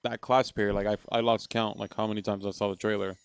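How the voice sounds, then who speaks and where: A man's voice: fairly low pitch, little pitch movement, fast, vocal fry, clean tone, no room sound. A young man co-hosting a radio talk show, telling stories eagerly and acting out his own reactions. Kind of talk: casual chat.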